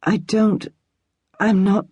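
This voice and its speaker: Woman voicing dazed young woman, halting, breathy. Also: fairly high pitch, big pitch swings, mellow, voice pushed up, full character voice. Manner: faltering and confused.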